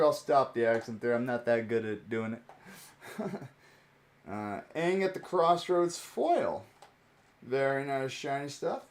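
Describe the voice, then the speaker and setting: A young man talks his way through opening trading card packs on a stream, rambling and chatty. His voice sits at an ordinary middle pitch, and he fills pauses with "uh" and quick chuckles as he goes. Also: animated. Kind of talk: casual pack-opening commentary.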